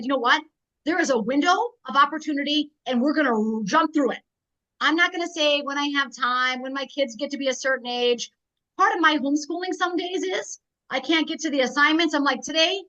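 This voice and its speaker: Upbeat, bright-voiced woman rallying her team. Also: high-pitched. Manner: energetic, rallying, rapid storytelling. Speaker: network marketing team leader. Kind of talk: motivational business training talk. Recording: dull lo-fi recording.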